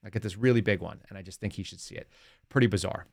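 A man's voice: low voice, fast, gravelly, dry recording. A man hosting a casual political commentary podcast from a home studio, talking in a sarcastic, mocking way with wry asides. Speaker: podcast host.

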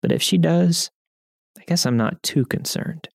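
A man narrating first-person stories as scripted narration, even and matter-of-fact. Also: a little high, measured pace, creaky, no room sound, clean studio sound. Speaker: story narrator.

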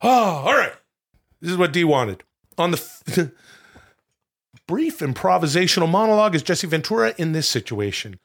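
A man's voice: fairly high pitch, sing-song, moderate pace, pauses often, a bit bright. Man reading comedy prompts, laughing. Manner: reads prompts aloud amid bursts of laughter. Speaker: comedy podcast host. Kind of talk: comedic podcast chat.

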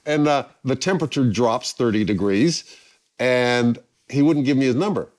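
An older man from England, a guest telling anecdotes in a lively way and acting out the people he quotes. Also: mid-range voice, moderate pace. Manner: lively, acts out quoted voices. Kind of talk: anecdotal storytelling.

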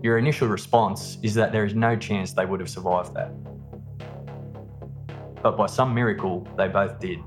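A man hosting a podcast, telling a true-crime story in a steady, measured scripted narration. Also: lowish voice. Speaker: podcast host. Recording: narration over background music. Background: music.

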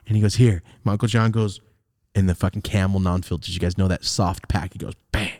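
A young man hosting a podcast, telling a personal story in casual chat, animated, jumping from loud high bursts to low mutters. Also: fairly quick, no room sound, clean studio sound. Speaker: podcast host.

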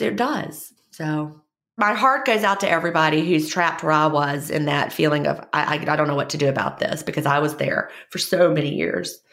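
A woman's voice: on the low side, vocal fry, fairly bright tone. A woman co-hosting a podcast in casual chat, a little stuffy from a cold, giving emphatic advice. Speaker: podcast co-host.

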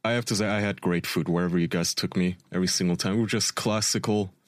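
Deep-voiced man co-host, wry and relaxed, dry close recording. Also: fast talker, no room sound. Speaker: podcast co-host. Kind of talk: casual chat.

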